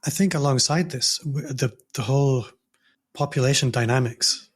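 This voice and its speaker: Man, husky voice, podcast host, thoughtful, searching for words. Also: mid-range voice, moderate pace. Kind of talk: interview conversation.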